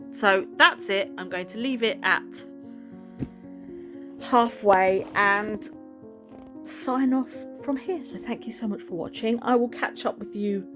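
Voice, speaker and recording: A woman vlogging casually to camera about a book she is reading, chatty and rambling, often correcting herself mid-sentence. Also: medium pitch.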